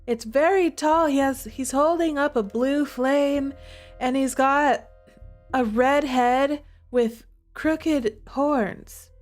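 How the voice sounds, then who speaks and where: Streamer lady reading a game out loud, slowish and chatty, kinda high voice, music under. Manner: chatty, animated, dramatic narration. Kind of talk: reading a visual novel aloud with commentary.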